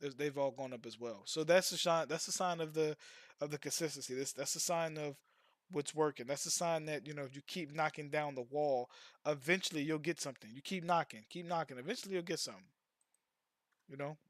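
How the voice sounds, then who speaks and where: A man's voice: fairly high pitch, brisk, no echo, clean studio sound. A man who streams and makes music, chatting loosely with his viewers in slang, swearing freely and repeating himself. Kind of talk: casual live-stream chat.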